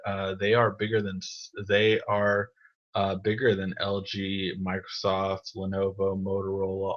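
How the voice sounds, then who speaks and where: A man's voice: lowish voice, a bit bright. A man hosting a live tech Q&A, casually answering viewer questions with many ums and restarts. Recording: dull lo-fi stream audio.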